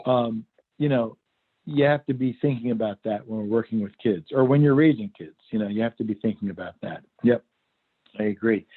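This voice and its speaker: A man's voice: lowish voice, a little fast. A middle-aged man giving a workshop talk and telling a story in an easy, conversational way. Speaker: workshop presenter. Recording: phone-like video call audio.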